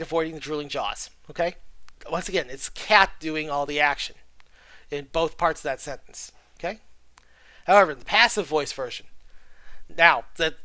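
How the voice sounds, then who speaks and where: Lecturer with a mid-range voice on a dry, close mic. Keeps asking "okay?" and fills pauses with "uh". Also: mid-range voice, a bit bright, no room sound. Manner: frequent "okay?" check-ins and "uh" fillers; reads textbook passages aloud. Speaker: college writing instructor. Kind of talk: recorded video lecture.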